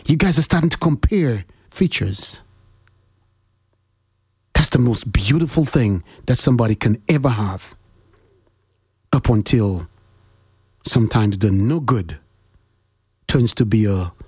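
A man giving a heartfelt motivational monologue to his listeners, preachy and repetitive, with his pitch jumping up to stress his questions. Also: a little mellow, slightly rough, dry recording, clean studio sound. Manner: preachy, repeats questions, swings pitch up for emphasis.

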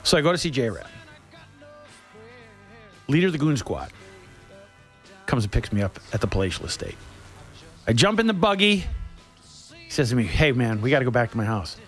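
A man's voice: mid-range voice, normal speed, long pauses, soft background music. A man on the radio, telling a rambling funny story in a casual chat style, joking and laughing as he goes. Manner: animated, laughing, jokey storyteller.

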